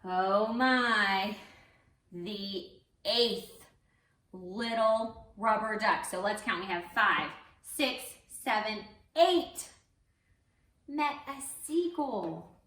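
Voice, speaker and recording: Picked up off-mic in a roomy space, a teaching artist leads baby story time, encouraging infants and their grown-ups to take part in the interactive session. The young woman has a mid-range, slightly bright voice and talks very slowly. Her delivery is sing-song.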